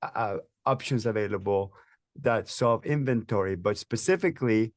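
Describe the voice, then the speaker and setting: A man's voice: fairly low pitch, moderate pace, no room sound, studio quality. A man hosting a webinar interview, enthusiastic and chatty, with frequent restarts and fillers. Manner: enthusiastic, talks in bursts with many restarts and fillers. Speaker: host.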